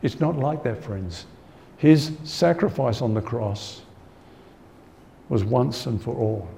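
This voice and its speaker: Slow but animated, a man preaches a conversational sermon in a warm, mellow, gravelly voice at an ordinary pitch. He leans on repetition of his main points and peppers his speech with "you know," while slight background noise sits in the clip.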